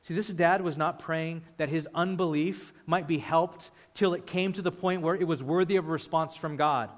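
A man's voice: a little high, steady tone, moderate pace, big-room sound. A man preaching a sermon with passion, acting out the voices of people praying. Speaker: pastor.

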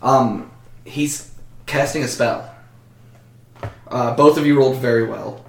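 A man's voice: mid-range voice, slow pace, gravelly, echoey room, slight background noise. Man running a tabletop game. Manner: casual, narrates with frequent ums. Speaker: game master.

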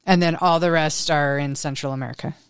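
Smooth-voiced woman co-host, brief replies. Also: low-pitched, fairly even intonation, a little fast, no room sound, clean studio sound. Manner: brief replies and news readouts. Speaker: podcast co-host. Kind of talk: casual chat.

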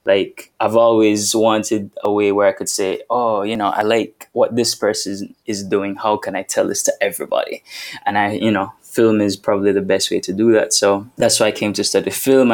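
Young guest from Belize: low, even-toned voice, laid-back interview chat. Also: male voice, normal speed. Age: young adult. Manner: easygoing, laughs along, uses fillers. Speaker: podcast guest, film student.

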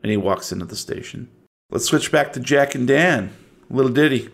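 Gravelly man narrating as game master. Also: mid-range voice, normal speed. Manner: relaxed, loosely narrating with fillers. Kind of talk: narrating a tabletop horror game.

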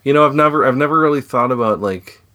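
A man's voice: mid-range voice, fast, pushed and bright. A man in his thirties with an Upper Midwest accent, chatting casually and rambling as a podcast host with his kids. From North Dakota. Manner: chatty, rambling, laughs easily. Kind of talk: casual family chat.

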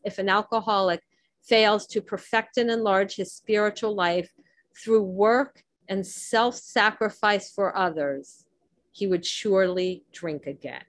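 A woman with a medium-pitched voice, recorded with no room sound, hosts a recovery podcast. She gives a teaching talk on a recovery text, earnest and conversational, with wry sarcastic asides.

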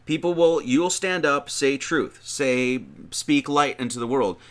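A preacher with a mid-range, slightly bright voice gives an informal sermon at a measured pace, barely pausing. He reads scripture aloud and comments on it conversationally, often restarting sentences and piling up emphatic lists.

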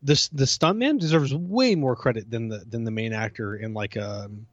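A man of middle pitch chatting on a podcast, circling his points with fillers and letting sentences fade out softly. His voice comes through a little dull and lo-fi, in a dry close setting. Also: normal speed, dry recording. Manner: rambling, hesitant, trailing off quietly. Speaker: podcast guest. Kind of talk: casual chat.

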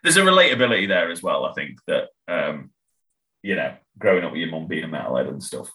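A man talks casually as a podcast guest. His voice is low yet bright and forceful, and he rambles, restarts his sentences and laughs a lot. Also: very animated, fast, rough recording. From England. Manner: rambling, self-interrupting, laughs often. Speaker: podcast guest, band member. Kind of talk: casual chat.

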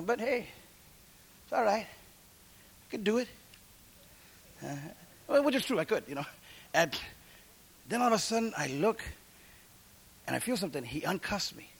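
This high-pitched, creaky, slightly rough voice belongs to a middle-aged man giving a sermon. Speaking in street slang, he recounts his personal testimony, dropping from loud calls into hushed asides.

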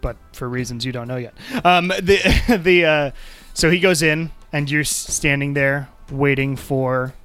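Brief: male game master, fairly high voice, halting narration, soft music behind. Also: clean tone. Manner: hesitant, full of ums and restarts.

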